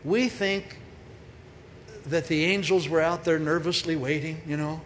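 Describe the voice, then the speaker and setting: A woman giving a humorous sermon in a large hall, telling stories in a lively way and acting out the voices she quotes. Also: low-pitched, measured pace. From grew up on a farm. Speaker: speaker, preacher. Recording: long hall reverb, faint noise.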